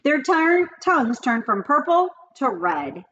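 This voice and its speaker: Woman reading a kids book out loud, bouncy lively voice, bit muffled recording. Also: sits high, unhurried. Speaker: read-aloud storyteller. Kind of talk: reading a children's book aloud.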